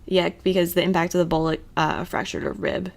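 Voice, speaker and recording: A woman's voice: lowish voice, level tone, fairly quick, gravelly. A young woman co-hosting a podcast, chatting casually and giggling as she recaps an episode. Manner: giggly, mocks characters in put-on voices. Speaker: podcast co-host.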